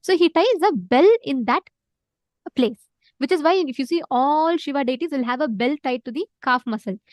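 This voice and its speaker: A woman with a high voice tells a sacred story to an online class. She talks with lively energy, repeats words for emphasis and uses many filler words. The sound is dry and close. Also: moderate pace, dry recording. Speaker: spiritual teacher.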